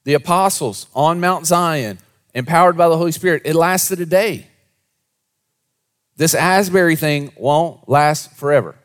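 A man preaching a sermon to a congregation, moving between hushed, low asides and animated, raised storytelling. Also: unhurried. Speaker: pastor.

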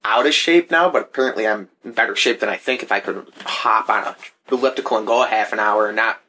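A man's voice: lowish voice, quick pace, pushed and bright. A man co-hosting a podcast in casual chat, rambling with lots of fillers and swearing freely. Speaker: podcast co-host.

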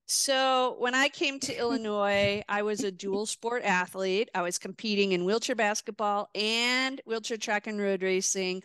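Bright, clear-voiced woman telling a story. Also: mid-range voice, unhurried, few pauses, dry recording. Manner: lively storyteller who acts out her own reactions. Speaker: guest, retired wheelchair racer. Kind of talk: storytelling in a podcast interview.

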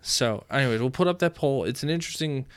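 A man's voice: mid-range voice, animated, fast. A man co-hosting a podcast in loose, profane casual chat, rambling with restarts. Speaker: podcast co-host.

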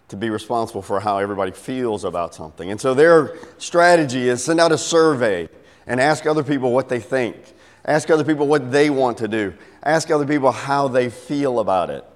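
A middle-aged man preaching a sermon, telling a story and acting out its voices with big swings. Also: mid-range voice. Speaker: pastor. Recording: long hall reverb.

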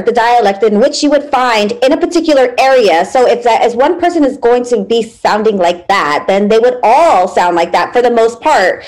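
A woman's voice: on the high side, a little mellow, poor audio. Earnest woman explaining in casual chat. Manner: earnest, explaining, laughs readily.

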